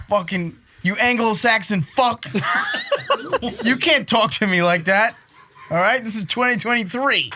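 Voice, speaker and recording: A man hosting a podcast in casual chat, animated and profane, laughing often. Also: sits high, a little slow, long pauses, a little hiss or hum. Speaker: podcast host.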